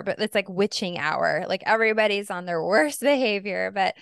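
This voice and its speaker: A pregnant woman in her thirties chatting casually on a podcast, bubbly and quick to laugh. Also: medium pitch, gravelly, a bit bright, clean tone, no echo, clean studio sound. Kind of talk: casual chat.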